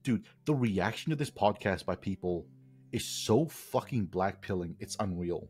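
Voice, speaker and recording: Husky man ranting on a podcast. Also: low voice, lively intonation, normal speed, darkish tone, faint music behind. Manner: profane, heated ranting. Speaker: podcast co-host. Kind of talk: casual podcast chat.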